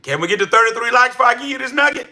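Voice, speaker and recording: A man hosting a live-stream business coaching session, talking energetically to chat viewers and bursting into excited shouts. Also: very high voice, racing. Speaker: livestream host and business coach.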